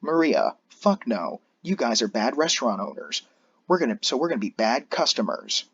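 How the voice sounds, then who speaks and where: A man's voice: medium pitch, very animated, moderate pace, a bit bright, breathy edge, no room sound, muffled recording, full character voice. A man voicing a brash, crude biker-gang woman who bosses the restaurant staff around.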